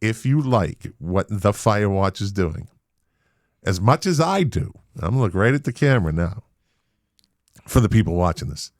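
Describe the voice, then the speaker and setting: Boston guy hosting a podcast, lowish voice, dry close sound, gets loud and emphatic. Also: normal speed, no echo. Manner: animated, emphatic, swears casually. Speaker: podcast host. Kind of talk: casual interview chat.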